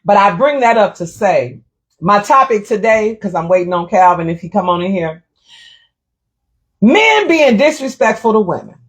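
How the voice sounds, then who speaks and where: Speaking in a mid-range voice at normal speed, this middle-aged livestream host recounts a story with lively outrage. She also reads comments from her viewers aloud in a relaxed setting.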